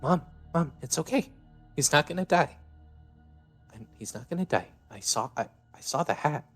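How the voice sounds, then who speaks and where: A man doing a steady, reassuring young son. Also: fairly high pitch, moderate pace, soft background music, pitched above the performer's own voice. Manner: reassuring, firm.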